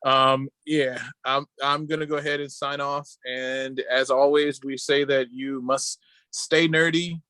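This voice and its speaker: Male co-host on a video call, bright and crisp, dry sound, crude deadpan humor. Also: mid-range voice, unhurried, no room sound. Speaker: podcast co-host. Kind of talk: casual chat.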